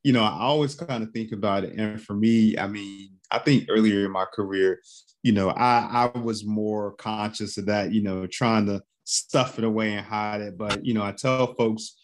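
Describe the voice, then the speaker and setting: A man from North Carolina hosting a podcast, relaxed and folksy in casual conversation. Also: fairly low pitch, normal speed. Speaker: podcast host.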